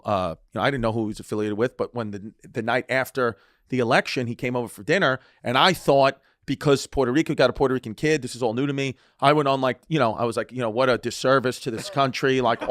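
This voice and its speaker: A man's voice: medium pitch, no room sound, studio quality. A man telling a comic story in casual talk, rambling, swearing and laughing as he goes. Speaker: comedian guest.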